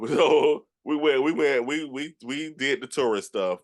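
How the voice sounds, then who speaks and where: A man from Georgia with a Southern accent, hosting a casual chat and telling animated stories with many restarts. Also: mid-range voice, normal speed, few pauses. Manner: animated storyteller with frequent restarts, acts out quotes. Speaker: podcast host.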